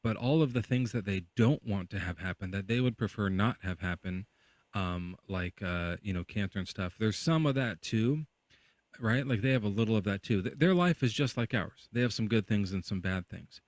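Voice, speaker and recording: A man's voice: on the low side, moderate pace, no room sound. A man hosting a livestream, telling a rambling, playful hypothetical full of fillers. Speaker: livestream host. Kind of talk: casual debate chat.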